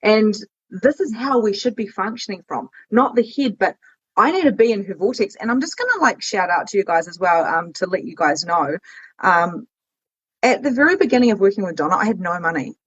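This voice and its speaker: A woman in her thirties hosts a casual podcast conversation, rambling in an animated way and laughing often. Her voice is husky and breathy. The audio is muffled and lo-fi. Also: mid-range voice, brisk. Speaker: podcast host and spiritual coach. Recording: dull lo-fi audio.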